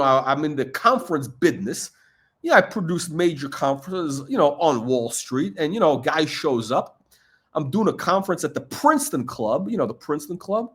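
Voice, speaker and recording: A middle-aged man hosting a watch channel, chatting in a gossipy, digressive way, full of asides and fillers. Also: a little high. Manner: gossipy, digressive, heavy on "you know" fillers. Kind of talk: rambling livestream chat.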